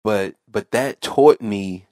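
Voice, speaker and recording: A man's voice: lowish voice, takes it slowly, a little mellow, dry recording, clean studio sound. A man hosting a podcast, telling a casual story in a rambling way that repeats phrases and restarts often. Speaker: podcast host.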